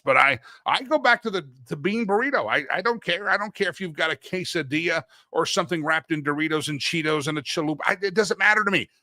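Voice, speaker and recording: In this casual talk show monologue, a middle-aged male host wanders through personal stories and keeps correcting himself mid-sentence. He has a high, pushed, bright voice, captured as clean studio sound with no echo.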